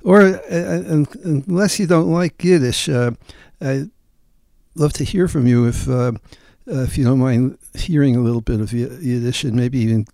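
A man hosting a radio show, talking casually and hesitantly with many pauses and "uh"s. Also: mid-range voice, fairly even intonation, gravelly, dark tone, no room sound. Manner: hesitant, full of "uh"s, amused. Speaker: radio host.

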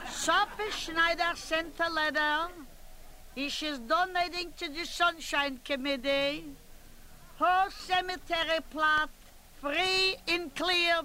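Against a noisy background, a woman with a high-pitched voice performs a comic character monologue as an older, gossipy, bossy chairwoman running a club meeting. She chats and scolds, constantly cutting herself off.

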